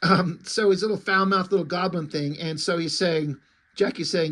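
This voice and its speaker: Man, high-pitched, casual comic reviewer; blunt, swears a lot, meanders with ums. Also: fairly even intonation, moderate pace, fairly bright tone. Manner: blunt, opinionated, swears freely; rambling, with frequent ums and trailing asides.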